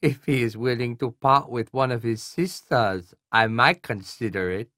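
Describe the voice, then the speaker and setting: A man voicing a curt, sly male colonel with a high nasal voice, from an audiobook. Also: moderate pace, bright, forceful tone, dry recording, clean studio sound, natural voice.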